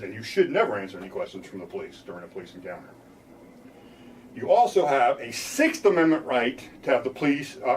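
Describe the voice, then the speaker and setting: A plainspoken man lays out legal advice in a mid-pitched voice. He picks up from a little away from the mic, with a faint hum of room ambience behind him. Now and then he barks out police lines in a mocking tone. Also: darkish tone, distant mic. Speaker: defense lawyer. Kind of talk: explainer talk to camera.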